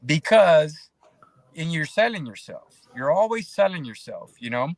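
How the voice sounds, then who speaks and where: A man in casual podcast conversation as a guest, talking in an animated, preachy way and acting out quoted voices. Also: a little high, measured pace.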